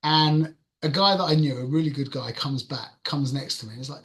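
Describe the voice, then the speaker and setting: A man with a London accent giving a religious talk, telling a story to his audience in an animated, conversational way that swings between loud and hushed. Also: a little high, brisk. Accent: London English. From London, England. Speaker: religious teacher.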